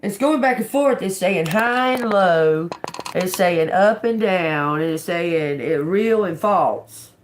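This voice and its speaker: On a tarot live stream, a woman with a lowish voice and lively intonation reads cards slowly, repeating words as she goes. She laughs and swears casually with her audience, against slight background noise.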